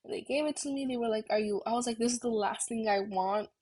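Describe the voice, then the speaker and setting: A young woman vlogger telling a story in a rambling, self-deprecating way, swearing casually, with a husky voice. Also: fairly high pitch, fast talker, a little mellow, poor audio.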